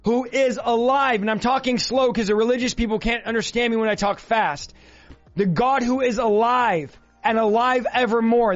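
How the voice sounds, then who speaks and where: A male preacher delivering a fervent sermon, often shouting. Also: extremely high pitch. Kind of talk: fiery sermon. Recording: dull lo-fi sound with faint music.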